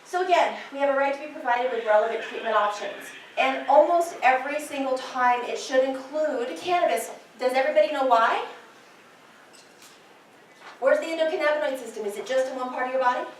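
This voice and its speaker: Her voice sits high and moves briskly as this middle-aged nurse educator gives a passionate, personal talk to nurses. It was recorded from afar in a large, highly echoey lecture hall, with slight background noise.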